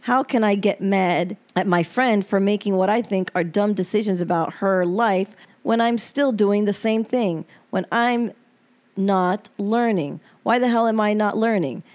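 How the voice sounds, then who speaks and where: Woman with a dark, mellow voice. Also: mid-range voice, unhurried. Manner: frank and emotional, with swearing. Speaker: podcast host reading her journal aloud. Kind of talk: reading personal diary entries aloud.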